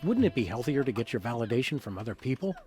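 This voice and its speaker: A man voicing a calm, upright dog detective in a video game, speaking in polite, measured, wordy phrases. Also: medium pitch, natural voice. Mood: dry. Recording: game audio under music.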